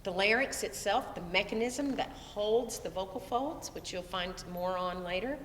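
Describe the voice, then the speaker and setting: A woman's voice: medium pitch, normal speed, a bit bright, big-room sound, a little hiss or hum. A woman voice teacher who has a cold, explaining the vocal tract in a loose, conversational lesson and breaking into short vowel demonstrations.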